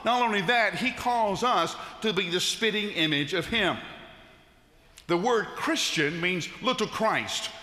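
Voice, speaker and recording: A man's voice: sits high, expressive, a little slow, pushed and bright. A middle-aged male pastor preaching a sermon in a church sanctuary, telling folksy stories with frequent "uh" fillers. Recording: reverberant church hall.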